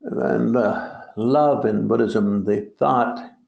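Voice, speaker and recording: Speaking extremely slowly in a lowish, creaky voice, a Buddhist teacher gives a dharma talk on a translated poem. He strays into digressions and joking asides throughout, and the recording sounds roomy, dull and lo-fi.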